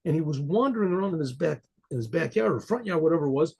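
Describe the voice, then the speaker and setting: A man, a rabbi, telling a Chassidic story in a conversational way, clearing his throat often. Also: on the high side, lively intonation, quick pace, a little mellow.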